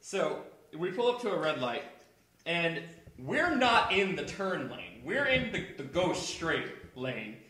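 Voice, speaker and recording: A young man with a high, bright voice that leaps all over as he tells a story, swearing freely. He hosts a casual podcast, recorded in an echoey room. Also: slow. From Kansas City area. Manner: profane, animated storyteller. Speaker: podcast host. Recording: echoey room with crowd noise.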